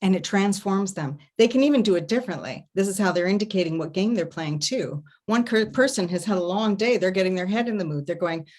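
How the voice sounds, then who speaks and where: Expressive woman coaching on intimacy. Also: medium pitch, brisk, few pauses. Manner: expressive, demonstrates sounds with hums and murmurs; animated storytelling, laughs often. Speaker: intimacy coach and festival presenter. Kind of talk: online workshop talk. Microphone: home setup, online stream.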